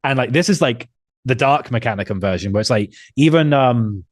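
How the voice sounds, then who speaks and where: Guy hosting a movie podcast, normal pitch, eager, acts out bits, dry close sound. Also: animated, a little fast, no echo. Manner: enthusiastic, acts out quoted lines in voices. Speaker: podcast host. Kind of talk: casual film podcast chat.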